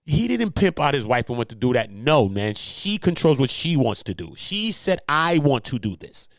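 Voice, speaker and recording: A man's voice: medium pitch, sing-song, moderate pace, dry recording, studio quality. Brash swearing male commentary host. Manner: brash, swearing, laughing, slangy. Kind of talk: casual commentary.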